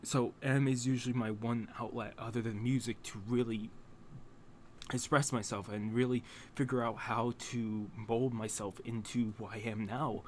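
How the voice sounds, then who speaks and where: A man's voice: medium pitch, level tone, a little hiss or hum. Emotional man on the verge of tears. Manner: halting, emotional, swears often, restarts. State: close to tears. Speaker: anime reaction channel host. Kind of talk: emotional reaction talk to camera.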